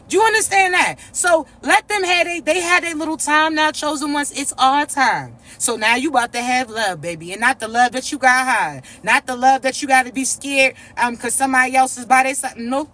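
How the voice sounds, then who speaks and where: High bright voiced woman, blunt slangy spiritual pep talk, cusses a lot. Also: brisk, hardly any pauses. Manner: blunt, preachy, profane, uses slang. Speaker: spiritual reader.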